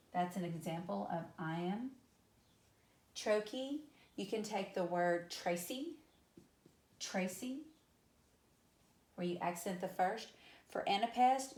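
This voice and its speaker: English teacher lady explaining stuff in class, kinda low voice, lots of um, echoey room. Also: darkish tone. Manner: conversational, with fillers and repeated example words. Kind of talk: classroom lecture at a whiteboard.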